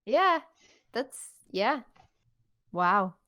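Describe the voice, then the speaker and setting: A woman's voice: on the high side, sing-song, extremely slow, a bit bright. A woman from South Africa with a South African accent, co-hosting a podcast in casual chat, giggly and chatty. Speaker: podcast co-host.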